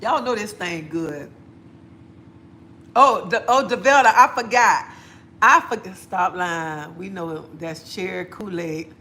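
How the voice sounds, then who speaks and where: A woman's voice: lowish voice, slow pace, sharp tone, a little hiss or hum. A middle-aged woman, chatting bluntly on a livestream and laughing often. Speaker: livestream host. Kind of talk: casual livestream chat.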